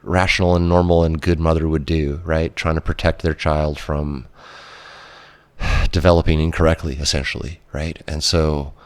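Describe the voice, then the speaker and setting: Low-voiced man hosting a podcast. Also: flat delivery, dry recording. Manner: slow, reflective, gently affirming. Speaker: podcast host. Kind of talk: conversational interview.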